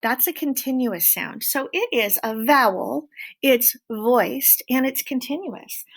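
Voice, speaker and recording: A woman with a fairly high voice teaches a children's phonics lesson. She talks slowly and clearly, drawing out the vowel sounds so little learners can copy them. Her tone stays patient and encouraging. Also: expressive.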